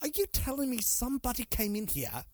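A man putting on a mock-polite English gentleman who stole beer. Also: extremely high pitch, very animated, brisk. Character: posh British male beer thief, polite.

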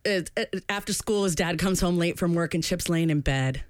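A woman's voice: lowish voice, normal speed, no room sound, studio quality. Casual storytelling woman podcaster. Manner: storytelling with swearing, acting out voices. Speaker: podcast co-host. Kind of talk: casual chat.

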